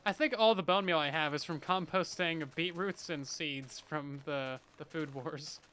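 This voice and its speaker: A man's voice: fairly high pitch, a little slow, bright, forceful tone, a little hiss or hum. A man chatting casually and playfully to his viewers while he plays a game on a livestream, with bursts of mock panic. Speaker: streamer. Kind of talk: casual gameplay livestream chat.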